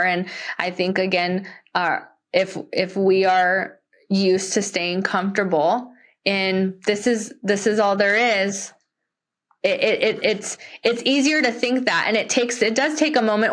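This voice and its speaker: A young woman, a life coach, speaking in an earnest and heartfelt way in an interview, often restarting her sentences. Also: medium pitch. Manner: animated and heartfelt, with many restarts. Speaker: life coach and podcast guest.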